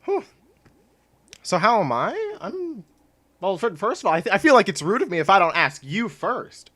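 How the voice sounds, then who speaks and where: A man's voice: high voice, very animated, normal speed, sharp tone. A young man from Canada chatting casually on a game live stream, rambling and self-mocking, laughing often. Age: young adult.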